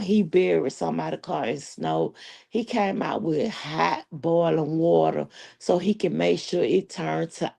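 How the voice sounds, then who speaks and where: Woman live-stream host, sassy profane chat, unhurried with a mellow low-bright timbre. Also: creaky. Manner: sassy, profane, laughing storytelling. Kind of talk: casual live-stream commentary.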